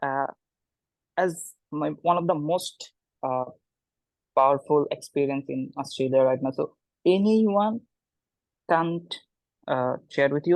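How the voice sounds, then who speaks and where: A man from Bangladesh, giving an informal motivational talk in an online webinar, often pausing and repeating words. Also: on the high side, gravelly, no room sound, poor audio. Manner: halting, repeats words, animated when quoting people. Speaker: webinar guest speaker.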